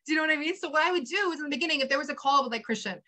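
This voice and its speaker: A young woman giving a motivational training talk, energetic and chatty with lots of fillers. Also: high voice, rapid-fire, rough recording.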